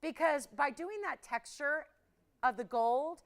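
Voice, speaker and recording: A woman hosting a live jewelry shopping show, chatty and excitable, often laughing and talking to callers and operators. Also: high-pitched, takes it slowly.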